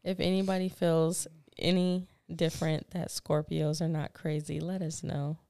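A woman's voice: sits low, level tone, moderate pace, mellow, clean tone, no room sound, studio quality. A woman co-hosting a casual podcast, telling stories in a candid, profane, laughing way. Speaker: podcast co-host. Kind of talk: casual chat.

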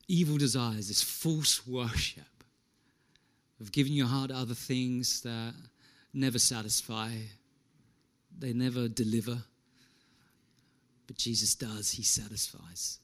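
A man preaching a sermon, swinging between loud and hushed. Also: medium pitch, steady tone, takes it slowly. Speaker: pastor.

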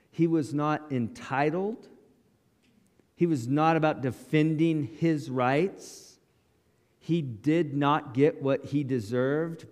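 A man's voice: medium pitch, darkish tone, big-room sound. A male pastor preaching a sermon in short, dramatic, emphatic lines.

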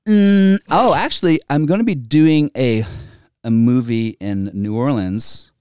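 A man's voice: medium pitch, measured pace, smooth, no room sound, clean studio sound. A man in his forties, a comedian and actor from Virginia, telling stories in a casual, profane podcast chat. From Virginia, United States. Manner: profane, animated storyteller.

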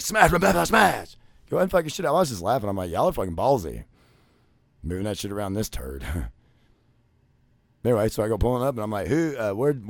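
A man telling a rambling, profane story, cursing constantly and padding his talk with "like" and "you know", swinging between loud ranting and low muttering. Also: no room sound, clean studio sound. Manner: crude, swears constantly, many fillers like "you know". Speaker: vlogger.

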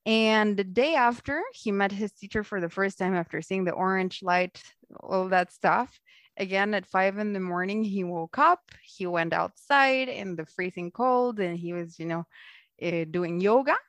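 Animated young woman telling a story. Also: medium pitch, moderate pace, no echo. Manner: animated, laughs often, acts out quoted voices. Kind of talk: casual storytelling.

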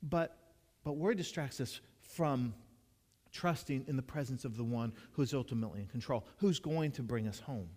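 Man, pastor, conversational sermon, mid-pitched voice, earnest storytelling, repeats words, long hall reverb. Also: moderate pace, darkish tone.

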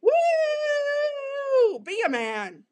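A woman doing a sassy gossipy dude, high squeaky voice, giggly and showy. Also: steady tone, slow. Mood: mocking. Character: sassy gossipy young man, showing off.

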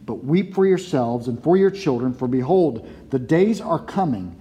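A man reading the words of a condemned teacher, solemn and calm. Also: medium pitch, normal speed, muffled recording, natural voice.

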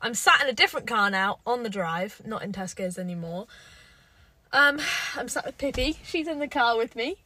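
A woman's voice: a little high, normal speed, dry recording, poor audio. A young woman with an English accent, chatting and rambling through stories as a podcast host while sitting in a parked car. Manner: chatty and rambling, lively storytelling. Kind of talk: casual chat.

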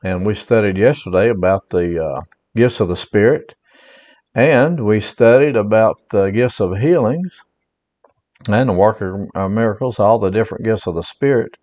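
A man's voice: fairly low pitch, moderate pace, darkish tone, highs cut off. A man preaching a Bible lesson, reading verses and retelling them in plain conversational words. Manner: conversational, retells scripture in his own words. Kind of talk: Bible teaching sermon.

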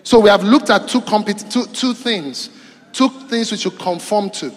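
A man preaching a sermon to a congregation, rising to loud calls and dropping to quiet, drawn-out phrases. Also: sits high. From East Africa. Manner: call-and-response preaching, shifting between loud and quiet. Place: church hall. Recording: echoey church hall with music behind.

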